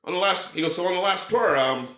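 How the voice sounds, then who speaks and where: A man with a bright, forceful voice spins an excited story in casual chat, swearing as he goes and slipping into other people's lines. His voice rings in a roomy, echoey space. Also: high voice, fast talker. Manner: animated, swears freely, acts out quotes. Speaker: podcast guest, drummer.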